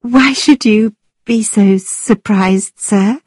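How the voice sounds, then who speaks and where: Woman voicing a polite young lady, amused, higher and lighter, breathy, storybook. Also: takes it slowly, darkish tone, no echo, clean studio sound. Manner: polite, holding back laughter. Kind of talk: storybook reading.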